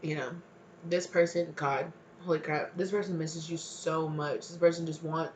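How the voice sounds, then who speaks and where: A woman's voice: sits low, steady tone, normal speed, a little mellow, slight background noise. A woman giving a tarot reading, rambling with many fillers and voicing an imagined partner's pleas with feeling. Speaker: tarot reader.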